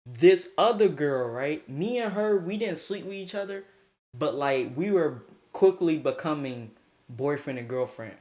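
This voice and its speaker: Animated young man telling a story. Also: unhurried. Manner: animated, swings into high-pitched outbursts when quoting; casual slang, swearing. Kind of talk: casual storytime.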